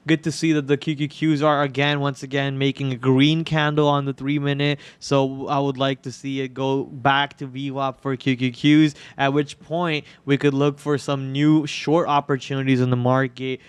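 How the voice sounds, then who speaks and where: A hoarse man hosting a live trading stream, talking through stock charts in a rambling way with many restarts, on a podcast microphone. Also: medium pitch, no echo. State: hoarse, itchy throat. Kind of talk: live market commentary.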